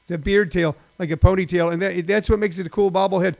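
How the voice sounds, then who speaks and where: A man's voice: high-pitched, steady tone, quick pace, gravelly, a little mellow. A middle-aged man, a former stand-up comic, hosting a casual live stream from home, rambling and chatty with lots of fillers.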